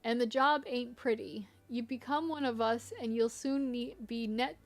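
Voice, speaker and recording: A woman reading aloud the lines of a gruff male rogue guild recruiter from a video game, in a rough, slangy tone. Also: fairly high pitch, steady tone, moderate pace, natural voice.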